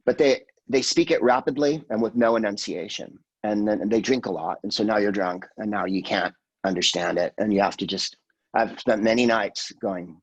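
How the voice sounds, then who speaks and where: A husky man in his sixties, talking as a podcast guest in a fairly low voice. He rambles through profane stories and drops into quick impressions of the people he quotes. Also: rough recording. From California, USA. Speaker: guest comedian. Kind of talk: casual podcast chat.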